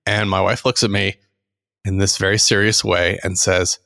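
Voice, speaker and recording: Middle-aged male podcast co-host, low gravelly voice, lively storyteller who acts out quotes. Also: normal speed. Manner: animated anecdote teller, acts out quotes. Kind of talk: casual storytelling chat.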